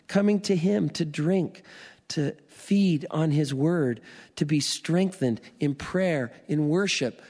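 A pastor preaching a sermon, slow and emphatic, building to rising declarations. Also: male voice, a little high, darkish tone, in a large hall.

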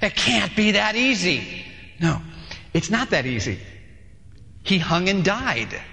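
A male pastor preaching a sermon in a lively way, acting out dialogues in different voices, in a large church hall. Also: high voice, takes it slowly, vocal fry. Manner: animated, acts out dialogues with shifting voices. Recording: long hall reverb.

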